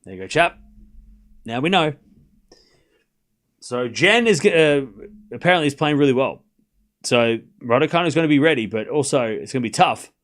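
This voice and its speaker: A medium-pitched male voice with lively intonation and a slightly bright quality. He hosts a live tennis watchalong, calling the score and chatting casually with his viewers. Chatty in manner, he speaks straight to his live chat with quick asides and restarts.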